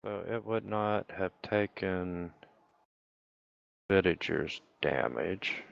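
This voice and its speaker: Slow low-voiced guy running a tabletop game, umms while he checks rules, dull lo-fi chat mic. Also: creaky, no room sound. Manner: unhurried, thinks aloud with ums while checking rules. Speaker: game master.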